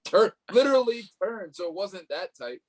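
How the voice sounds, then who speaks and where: A man's voice: high-pitched, very animated, normal speed. Man, podcast co-host, laid-back joking chat, casual swearing. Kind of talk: casual movie review chat.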